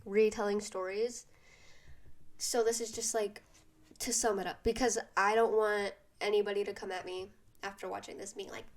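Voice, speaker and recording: A teenage girl telling a school drama story in a casual vlog, animated and venting with lots of fillers. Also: medium pitch, normal speed. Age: teens. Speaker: vlogger.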